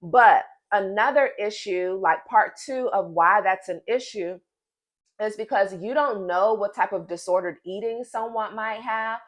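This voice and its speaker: A pregnant woman in her thirties talks to camera in a casual vlog, her voice sitting at an ordinary middle pitch. She vents with emphatic, animated energy and speaks straight to her viewers as if they were friends. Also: unhurried. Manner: emphatic and animated, addresses viewers as "y'all" and "girl". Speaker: vlogger.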